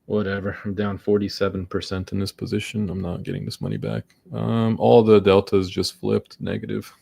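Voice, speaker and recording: A man's voice: on the low side, little pitch movement, moderate pace, creaky, warm tone, slightly rough. Exasperated young man cursing his trades. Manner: exasperated, swearing, muttering to himself about losses. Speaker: day trader streaming live. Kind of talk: frustrated live commentary.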